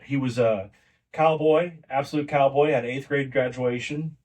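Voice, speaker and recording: A man's voice: mid-range voice, fairly even intonation, normal speed, darkish tone, far from the mic. Rambling middle-aged man telling stories. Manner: rambling, many restarts and fillers. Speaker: podcast guest. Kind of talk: casual conversational storytelling.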